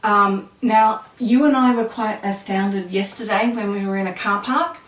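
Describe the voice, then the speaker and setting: A woman's voice: mid-range voice, normal speed, fairly bright tone. A woman interviewer who asks leading questions and affirms each answer, recorded in a casual interview. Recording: echoey room, mic at a distance.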